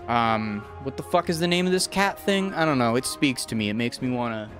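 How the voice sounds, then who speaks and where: A man's voice: medium pitch, lively intonation, a little fast, fairly bright tone, soft background music. A young adult man casually rambling and swearing as he streams a game and talks to his chat. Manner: profane, rambling, talks to chat while playing. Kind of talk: casual gameplay commentary.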